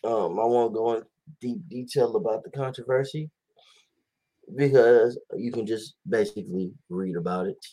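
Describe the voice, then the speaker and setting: A man's voice: lowish voice, normal speed, warm tone. A man hosting a casual talk show, rambling animatedly with many fillers and acted-out quotes. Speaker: podcast host. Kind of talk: casual chat about basketball.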